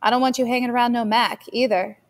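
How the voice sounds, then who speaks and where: A protective, watchful mother, as a woman reading aloud voices her. She speaks firmly and presses with questions in a middle-pitched voice. A long reverb trails each line. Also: steady tone, fast talker, lightly acted.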